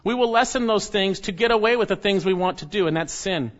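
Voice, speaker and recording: A man's voice: high voice, brisk, fairly bright tone. A male pastor preaching an expository sermon, stressing key words with sudden rises. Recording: dull lo-fi recording.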